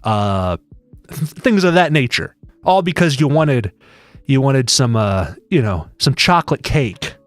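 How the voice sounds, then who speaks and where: Male streamer, loose rambling chat, dry close mic, soft music underneath. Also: mid-range voice, big pitch swings, unhurried, dry recording. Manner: rambling, jokey, many restarts. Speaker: live streamer. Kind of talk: casual live-stream chat.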